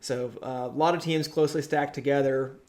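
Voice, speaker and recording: Measured man breaking down standings. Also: mid-range voice, fairly even intonation, a little mellow. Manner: measured, analytical, with dry jokes. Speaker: podcast co-host. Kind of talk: casual tournament recap chat. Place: shared rental house, indoors.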